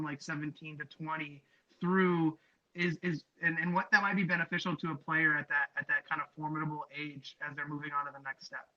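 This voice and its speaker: A man's voice: fairly high pitch, no room sound. A man hosting a podcast, asking long, rambling questions full of ums and restarts. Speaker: podcast host. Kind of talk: casual interview chat. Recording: dry, dull lo-fi podcast audio.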